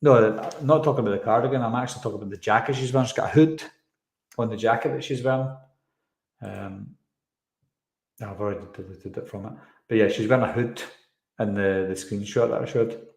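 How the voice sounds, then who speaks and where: A man's voice: on the low side, fairly quick, gravelly, pauses often, a little mellow. A man hosting a live stream, casually reading out and answering viewer comments with a rambling, chatty manner. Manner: chatty, rambling, frequent fillers. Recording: roomy echo.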